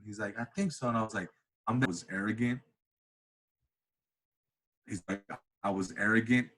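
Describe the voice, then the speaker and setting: A man in his thirties, an interview guest, telling a story in a casual way and acting out the voices of the people in it. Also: moderate pace. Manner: animated, acts out quoted voices with big pitch jumps. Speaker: interview guest, comedian and cinematographer.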